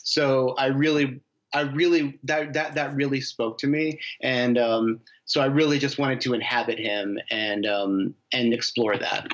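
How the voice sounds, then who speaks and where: A man's voice: medium pitch, fairly even intonation, a little slow, fairly bright tone, dull audio. A man, a novelist from the United States, answering interview questions in a rambling way, with many restarts and fillers. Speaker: novelist guest.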